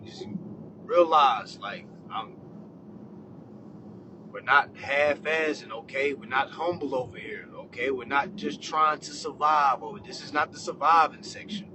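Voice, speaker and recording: A man ranting to his followers with profane comedy, swinging between shouting and low muttering. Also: a little slow, noisy background. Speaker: social media commentator. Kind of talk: profane comedic rant to camera.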